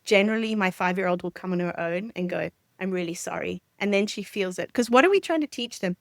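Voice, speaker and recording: A woman's voice: lowish voice, fast, gravelly, no room sound, studio quality. A woman speaking as a family counsellor guest on a podcast, explaining ideas in an earnest, conversational way. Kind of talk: conversational interview.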